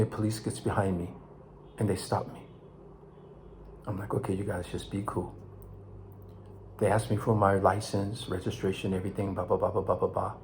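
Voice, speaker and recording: An older man with a low-pitched voice, talking to his viewers with passion. His voice climbs sharply when he is outraged and drops to a low murmur when he reflects. A faint hiss of noise sits under the recording. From Los Angeles, California. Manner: impassioned, rising to near shouts then dropping low. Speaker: vlog host. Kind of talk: emotional monologue to camera.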